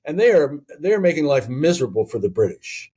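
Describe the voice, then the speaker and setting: Male author guest, warm mellow voice, unhurried storyteller who pauses on fillers. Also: a little high, very animated, husky. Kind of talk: conversational history interview.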